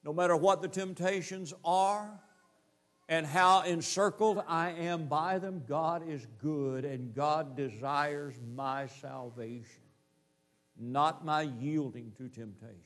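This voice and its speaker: A man preaching a sermon, emphatic, slowing down to stress key phrases and repeating his points in lists. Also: on the high side, steady tone.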